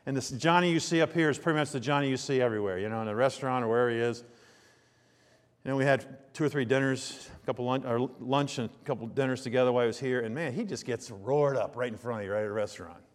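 A man preaching a sermon, telling homely stories with emphatic, drawn-out phrases. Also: mid-range voice. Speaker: pastor. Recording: long reverb of a large hall.

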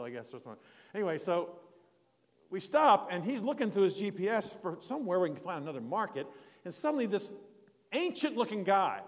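High-voiced preacher telling stories. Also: male voice, in a large hall. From United States. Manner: folksy, rambling, with frequent restarts and asides. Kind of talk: storytelling sermon.

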